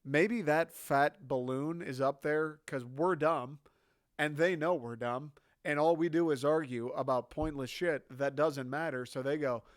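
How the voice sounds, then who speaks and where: A man's voice: mid-range voice, moderate pace, dry recording, studio quality. A man from the United States giving a sarcastic, swearing comedy rant. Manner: sarcastic, ranting, swearing freely. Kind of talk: stand-up style rant.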